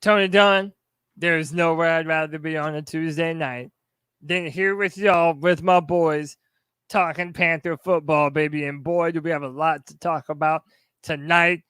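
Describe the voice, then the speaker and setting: A man co-hosting a sports podcast, energetic and hyped. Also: fairly high pitch, measured pace, clean tone, no room sound. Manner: energetic, hype, shouting out fans. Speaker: podcast co-host. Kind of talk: hype sports podcast talk.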